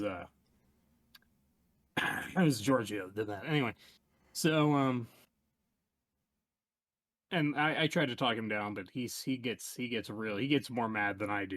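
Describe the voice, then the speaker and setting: A man streaming live, telling a long rambling comic story in a meandering deadpan way, trailing off and restarting. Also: lowish voice, dry recording.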